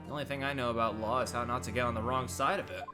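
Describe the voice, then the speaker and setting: A man's voice: medium pitch, fairly even intonation, very fast, pitched below the performer's own voice, natural voice. A man voicing a flustered young male baker who keeps protesting that he is no lawyer. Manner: flustered, incredulous. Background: game music.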